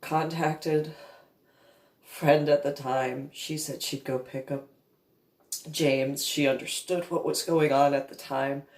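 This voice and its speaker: A woman telling a painful family story to camera, in a halting, emotional way full of trailing restarts. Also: low voice, steady tone, a little mellow. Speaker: vlogger recounting a family conflict. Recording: echoey room.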